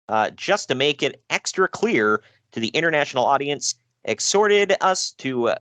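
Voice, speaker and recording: With a fairly bright, medium-pitched voice and no echo in the audio, a man reads wrestling news on his casual podcast. His delivery is jokey and self-deprecating, punctuated by frequent laughter.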